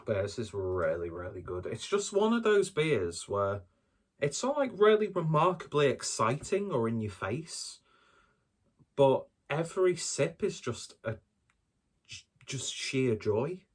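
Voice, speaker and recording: A man's voice: mid-range voice, sing-song, unhurried, husky. A man doing a casual solo beer review, talking in a rambling, hesitant and self-deprecating way.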